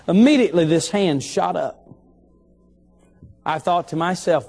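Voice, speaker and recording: A middle-aged man preaching in a church, his voice sitting high for a man. He tells a story from the pulpit and slows right down to lean on the words that matter, while soft music plays faintly underneath. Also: expressive, vocal fry, breathy edge. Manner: storytelling, slows for emphasis on key phrases. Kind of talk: sermon. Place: church sanctuary.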